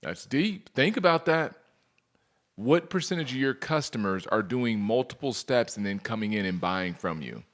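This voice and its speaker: With a mid-range voice at moderate pace, a man energetically trains salespeople, hurling rhetorical questions at them and role-playing customer exchanges.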